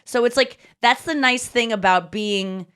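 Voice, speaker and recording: A woman in her thirties telling stories on a podcast in a fairly high voice. She talks in casual, animated bursts and slips into quoted voices as she goes. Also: unhurried, clear, resonant tone. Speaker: podcast host. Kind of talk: casual chat.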